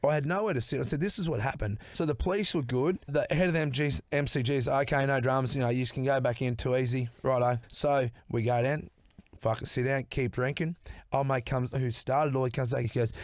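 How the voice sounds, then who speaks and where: A man on a podcast telling a story in casual, animated fashion, swearing freely. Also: medium pitch, no room sound. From Australia or New Zealand. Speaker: podcast host.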